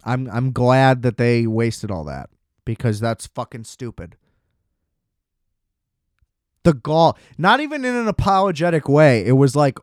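A man's voice: mid-range voice, lively intonation, a little slow, long pauses, darkish tone, dry recording, clean studio sound. A man hosting a podcast, ranting in a casual, exasperated and profane way. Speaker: podcast host. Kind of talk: casual solo podcast rant.

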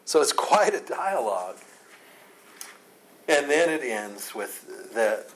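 Animated man teaching through a Bible passage. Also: mid-range voice, takes it slowly, a little hiss or hum. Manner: conversational, animated, acts out voices with sarcasm and laughs.

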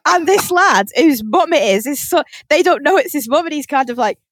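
Lively, laughing woman, rather high voice. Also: fairly quick, no room sound. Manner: animated storyteller, laughs often, swears freely. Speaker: podcast host. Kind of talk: casual chat.

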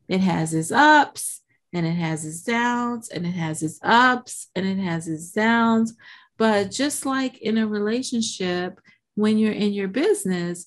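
A woman with a medium-pitched voice hosts a podcast, delivering an animated motivational monologue. She acts out inner voices and keeps checking in with "right?"

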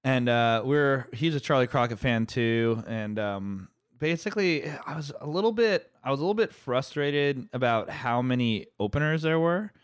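A man co-hosting a casual podcast, rambling in a relaxed way and swearing casually. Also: medium pitch, normal speed, hardly any pauses, clear, resonant tone, no echo, clean studio sound. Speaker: podcast co-host. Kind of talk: casual chat.

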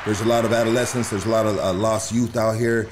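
A man's voice: on the low side, fairly even intonation, quick pace, background noise. A man hosting a podcast, casual and laid-back, with heavy slang. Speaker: podcast host.

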